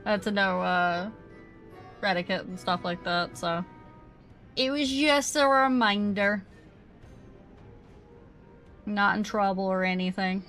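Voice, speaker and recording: Giggly young woman streamer, slow and bright. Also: medium pitch, soft background music. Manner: chatty and giggly, talks to chat. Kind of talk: casual live game stream chat.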